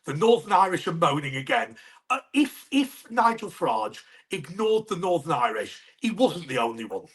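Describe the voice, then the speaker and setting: A man's voice: high voice, very animated, moderate pace. A man from England hosting a political conversation, cutting in to push back on his guest. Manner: interjecting, pushes back. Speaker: host. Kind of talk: interview debate.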